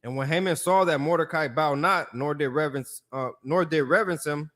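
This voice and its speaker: A man reading scripture aloud in a steady, plain way during a Bible lesson. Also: a little high, brisk. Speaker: scripture reader.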